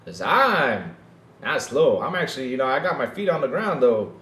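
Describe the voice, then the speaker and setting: A man ranting on a gaming podcast, his pitch bouncing all over the place as he mocks and needles his critics. He keeps ending sentences with "though". The sound has a roomy echo. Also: normal speed. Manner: animated, mocking, keeps tacking on "though". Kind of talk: casual livestream rant.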